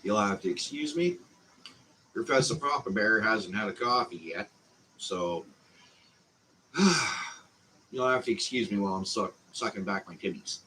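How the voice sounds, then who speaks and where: A man with a Canadian accent hosting a casual growing class, talking slowly and meandering with lots of fillers. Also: fairly low pitch, sharp tone, slight background noise, low-quality recording. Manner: slow, meandering, with frequent fillers. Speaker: channel host teaching a growing class. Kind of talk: casual instructional talk.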